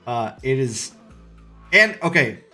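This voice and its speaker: Bright-voiced man ranting, heavy cursing. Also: medium pitch, very animated, takes it slowly, faint music behind. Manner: heated, profane, repeats phrases. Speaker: podcast host. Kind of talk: profane gaming podcast rant. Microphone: podcast mic, live stream.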